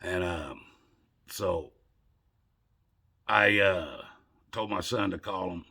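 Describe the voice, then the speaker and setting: Man with a low, gravelly voice and a bright, husky edge, casual rambling storytelling. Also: slow. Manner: rambling, conversational, with repeated restarts.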